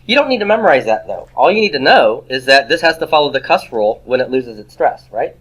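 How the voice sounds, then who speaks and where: In a classroom, a man lectures on Hebrew grammar in a medium-pitched, very animated, slightly bright voice. He keeps shooting rapid rhetorical questions at the students.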